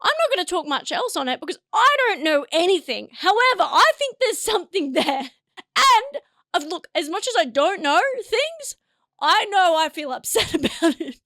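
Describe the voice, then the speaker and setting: A woman with a high, bright voice talks through a solo comedy review. She rambles and mocks herself, laughing often along the way. The sound is close and dry, with no room echo. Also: big pitch swings, normal speed. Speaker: comedian and podcast host.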